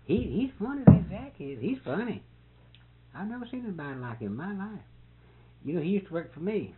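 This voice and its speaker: An animated man spins a folksy yarn in casual conversation, his pitch leaping around as he acts out who said what. The recording is thin and tinny, like an old phone-line tape. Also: a little fast, background noise. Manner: folksy, animated, chuckling retelling. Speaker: storyteller in conversation. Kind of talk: casual storytelling chat.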